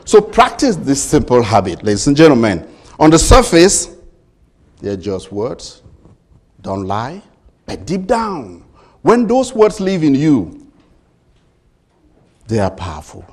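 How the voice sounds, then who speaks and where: A man giving a motivational speech, telling stories dramatically with deliberate pauses. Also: huge pitch swings, a little mellow. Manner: dramatic storytelling with sweeping pitch and deliberate pauses. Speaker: public speaker.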